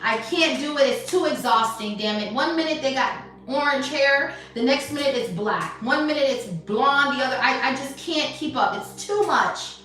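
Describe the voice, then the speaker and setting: A woman voicing a jealous copycat who gives up, whining in a lower, quieter voice. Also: moderate pace. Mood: exasperated. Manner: exasperated, whiny, defeated. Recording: very echoey room, off mic, faint music.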